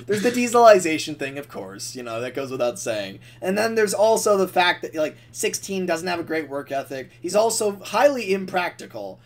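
A young man co-hosting a podcast, chatting casually in an excitable, rambling way, full of fillers. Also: high voice. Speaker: podcast co-host. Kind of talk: casual chat.

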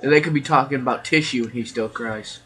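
A man's voice: mid-range voice, quick pace, bright, forceful tone, poor audio. A man giving casual, rambling gameplay commentary, joking around and laughing often as he talks.

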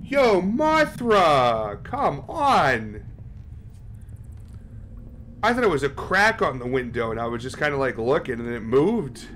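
A man streaming a horror game live, his voice sitting at an ordinary middle pitch. He chats loosely with his viewers and swears freely as he plays. A faint hum of noise runs under his voice. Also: lively intonation, fast talker, hardly any pauses, a bit bright. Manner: casual and profane, chatting with viewers.

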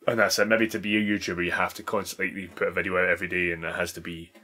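A young man co-hosting a podcast races through funny stories in a low voice, laughing and swearing as he goes. It's animated, casual chat among friends.

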